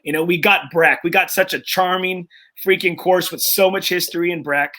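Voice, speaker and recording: A man's voice: high voice, fairly even intonation, moderate pace, bright, forceful tone. A man hosting a casual golf podcast, speaking earnestly and getting emotional, with frequent restarts and fillers. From Texas. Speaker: podcast host.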